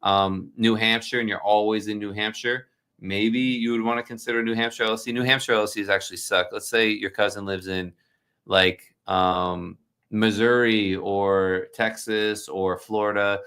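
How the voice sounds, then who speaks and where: Man, low voice, casual livestream host, chatty, joking, rambling, fillers. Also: little pitch movement, normal speed, a bit bright, smooth. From New Jersey. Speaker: host answering viewer questions.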